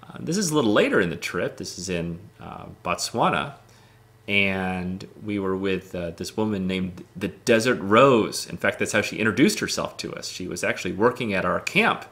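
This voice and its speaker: Gravelly low-voiced man chatting casually. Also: expressive, normal speed, fairly bright tone. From United States. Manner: rambling, many ums, enthusiastic. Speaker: photographer showing his photos. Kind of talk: casual talk over photos.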